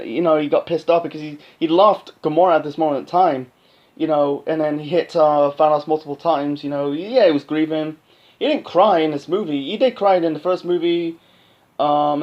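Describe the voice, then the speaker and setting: A man giving a casual, rambling movie review, halting often and filling gaps with "you know". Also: a little high. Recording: dull lo-fi sound.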